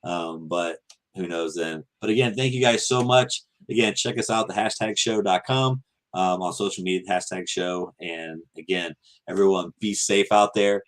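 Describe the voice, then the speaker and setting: Low-voiced man hosting a fan show. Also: normal speed. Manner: many ums and restarts, earnest. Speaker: podcast host. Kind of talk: casual show sign-off.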